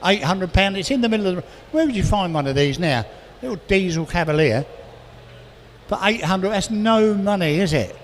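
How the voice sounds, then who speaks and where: A man working as an auctioneer, calling bids quickly and adding chatty asides about each car. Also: high voice, animated. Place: auction hall, indoors. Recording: reverberant hall with faint noise.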